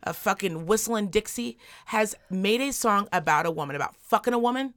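A woman's voice: medium pitch, fairly quick, no echo, studio quality. A young woman co-hosting a casual podcast chat, blunt and profane, telling stories with lots of energy. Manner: blunt, profane, animated storytelling. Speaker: podcast co-host.

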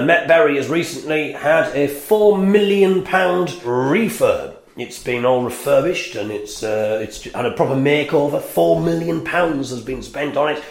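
Gravelly man rambling in an echoey toilet. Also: medium pitch, a little hiss or hum. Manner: rambling, wry and self-mocking. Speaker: podcast host and band member. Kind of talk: casual storytelling monologue. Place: venue toilet with a shower. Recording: echoey small toilet room.

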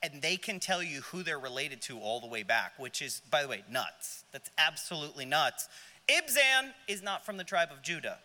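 A man's voice: on the high side, very animated, moderate pace, sharp tone, in a large hall. A man teaching a Sunday school Bible class, joking aside and asking the class questions as he reads. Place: church classroom.

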